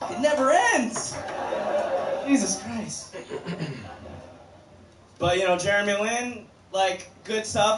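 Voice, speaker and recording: High-voiced, chatty male comedian. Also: expressive, takes it slowly, pauses often, a bit bright, a little hiss or hum. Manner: easygoing, chatty, lots of "you know". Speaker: stand-up comedian. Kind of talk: stand-up comedy. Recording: echoey club stage from far off.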